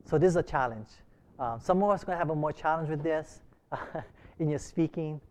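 A man's voice: a little high, moderate pace. Questioning man. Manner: asks the group many short questions. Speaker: Bible class teacher. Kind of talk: interactive church class discussion.

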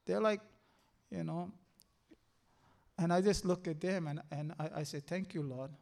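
Halting older man giving testimony. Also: a little high, vocal fry, darkish tone. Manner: halting, earnest, full of "you know" fillers. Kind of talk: personal faith testimony.

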